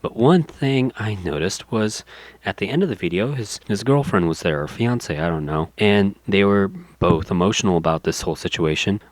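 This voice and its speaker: Low-voiced rambling podcast man. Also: animated, moderate pace, no room sound. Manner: rambling, lots of fillers and self-corrections. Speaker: podcast host. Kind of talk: casual commentary.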